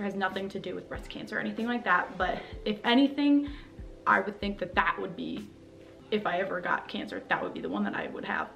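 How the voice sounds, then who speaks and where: A woman's voice: mid-range voice, gravelly, a bit bright. A young woman vlogging to her camera at home, talking candidly and rambling with lots of fillers. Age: young adult. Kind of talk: personal vlog talking to camera. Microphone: camera mic, talking to camera.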